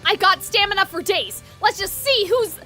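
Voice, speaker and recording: A woman's voice: very high-pitched, moderate pace, bright, forceful tone, soft background music. A woman voicing a stubborn, earnest young male student who talks bluntly and defiantly, with a dry throat.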